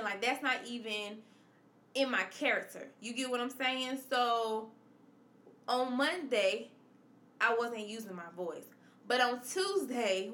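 A woman's voice: a little high, pushed and bright, roomy sound. A woman hosting a confessional podcast, speaking emphatically and repeating her points in a preacherly way. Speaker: podcast host. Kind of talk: personal confessional podcast monologue.

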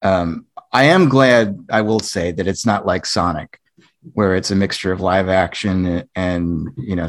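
A man co-hosting a casual panel chat, relaxed and rambling with many fillers. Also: deep voice. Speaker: podcast co-host.

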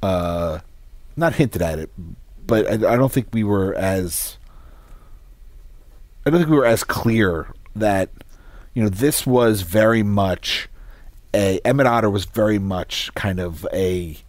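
A man co-hosting a podcast, talking in a relaxed, conversational way with some restarts. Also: lowish voice, takes it slowly, long pauses, no room sound. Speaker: podcast co-host. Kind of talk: casual chat.

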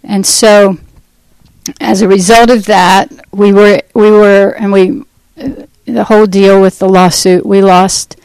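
A middle-aged woman telling her personal testimony in an earnest, conversational way, pausing and restarting as she goes. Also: mid-range voice, flat delivery, darkish tone, clean tone, no echo, rough recording. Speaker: speaker giving a testimony.

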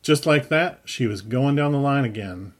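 A man reading his own story aloud in a wry, unhurried storytelling manner. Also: mid-range voice, lively intonation. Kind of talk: audiobook narration.

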